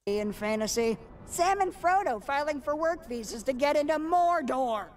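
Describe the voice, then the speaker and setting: A woman's voice: high voice, moderate pace. A woman playing a snarky young male swordsman. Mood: deadpan. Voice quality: sarcastic, deadpan. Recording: reverberant with background music.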